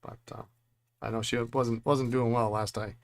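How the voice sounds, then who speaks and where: A man's voice: medium pitch, little pitch movement, normal speed. A middle-aged man hosting a pen repair stream, rambling through stories and chuckling often. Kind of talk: casual chat while working.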